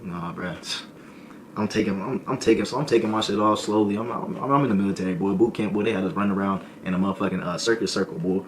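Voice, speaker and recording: A young man streaming a comic storytime, animated and full of slang, laughing and repeating lines for effect. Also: fairly low pitch, very fast, hardly any pauses, slight background noise. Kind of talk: comedic storytime.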